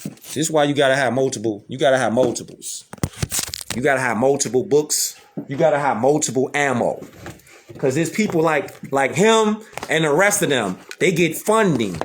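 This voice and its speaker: A man's voice: medium pitch, lively intonation, normal speed, a little hiss or hum. A man giving emphatic commentary, firing off rhetorical questions. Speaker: host reacting to a clip. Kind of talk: animated commentary.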